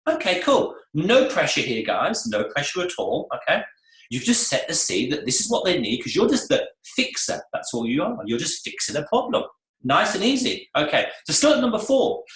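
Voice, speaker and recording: A man teaches salon staff from the front of an echoey room. His pitch jumps all over and he slips into voices of clients and staff to act out each scene. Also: a bit bright. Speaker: salon coach. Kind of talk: lively seminar teaching.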